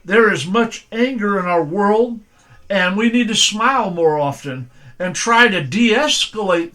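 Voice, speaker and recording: Bright-voiced older pastor. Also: male voice, sits high. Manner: plainspoken storytelling, folksy and firm. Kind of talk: sermon with personal stories.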